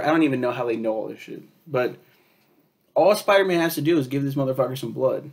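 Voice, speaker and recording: A man reviewing a superhero film in a loose, rambling way, swearing often and filling pauses with um and like. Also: mid-range voice. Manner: rambling, profane, lots of fillers and quoted asides.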